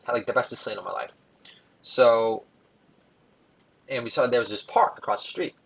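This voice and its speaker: A New man talks through a loose stand-up monologue at a middling pitch he never loses. He wanders off on tangents, loses his thread, and chuckles at his own punchlines. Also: normal speed, creaky, fairly bright tone, husky, rough recording. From New York. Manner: rambling, digressive, laughs at own jokes. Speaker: comedy podcast host.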